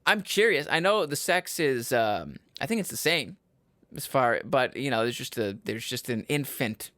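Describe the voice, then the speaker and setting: A young man from Michigan's Upper Peninsula hosting his own podcast, rambling and cutting himself off, laughing at his own jokes and breaking into loud yells. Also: mid-range voice, expressive, moderate pace, no echo, studio quality. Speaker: podcast host. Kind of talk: casual solo podcast chat.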